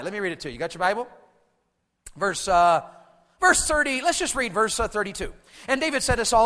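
A man preaching a sermon to a congregation. He drops to hushed asides, shouts out acted battle cries, and keeps asking the crowd to answer him. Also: high-pitched, big pitch swings, a little fast, big-room sound. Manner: calls out to the congregation for responses.

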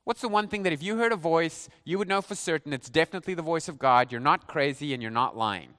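A man preaching a sermon in an animated way, asking rhetorical questions and acting out mock quotes. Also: fairly high pitch, fast talker. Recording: reverberant hall.

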